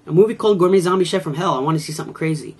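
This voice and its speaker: A man's voice: on the high side, racing, breathy edge. A man giving a casual video review of an old horror film, with a wry, mocking manner. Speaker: movie reviewer.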